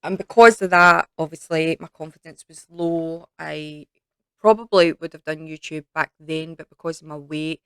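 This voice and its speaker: A woman's voice: deep voice, a bit bright, clean tone, no room sound. A young woman with a Scottish accent chatting casually to camera in a Q&A, rambling with lots of fillers. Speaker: YouTube creator.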